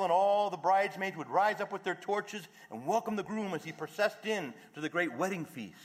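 A man preaching a sermon as a priest, moving between soft explanation and rising, fervent declaration. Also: high voice, long reverb tail.

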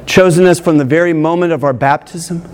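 A male priest giving an excited, emphatic homily in church, drawing out key phrases slowly. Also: on the high side. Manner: excited, emphatic preaching with slow drawn-out phrases.

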